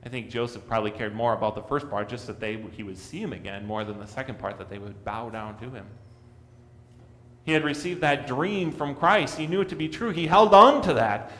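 A man's voice: animated, brisk, a little hiss or hum. Man preaching in a reverberant church. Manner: earnest, rises in pitch and volume for emphasis, drops to a soft hush. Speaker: pastor. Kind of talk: sermon.

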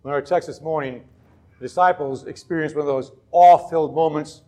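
A man serving as pastor, reading scripture aloud and then preaching in an earnest, measured way. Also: on the high side, steady tone, darkish tone.

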